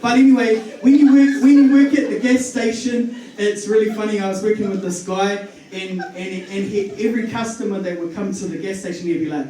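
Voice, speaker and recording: A man's voice: high voice, fairly even intonation, fairly quick, warm tone, slight background noise. A man with a New Zealand accent doing a nervous stand-up comedy set, rambling with lots of ums and restarts and laughing at his own jokes. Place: comedy club stage with audience. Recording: very echoey room, voice far from the mic.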